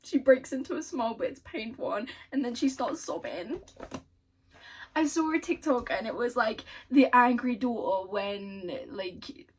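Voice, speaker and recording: A woman's voice: on the high side, lively intonation, a little slow, breathy edge, recorded from a distance, low-quality recording. A young woman book vlogger chatting casually and gushing over quotes she reads aloud, swearing now and then. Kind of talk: casual chat and reading aloud.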